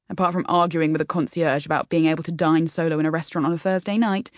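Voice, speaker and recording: Wry woman narrator for a first-person audiobook, low voice, dry studio sound. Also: steady tone, fast talker, hardly any pauses, dry recording. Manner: wry, self-deprecating storytelling.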